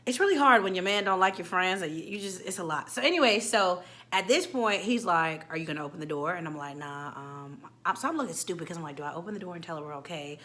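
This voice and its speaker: A young woman in her twenties telling a casual, animated storytime, acting out quotes with slang. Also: fairly low pitch, fast, few pauses. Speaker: storytime vlogger.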